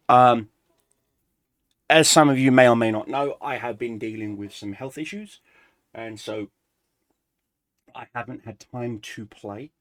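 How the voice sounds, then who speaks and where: A man chatting casually through a life update for his gaming channel, rambling and relaxed, pausing to snack. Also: mid-range voice. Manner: rambling, relaxed, eating snacks while talking. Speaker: gaming YouTuber.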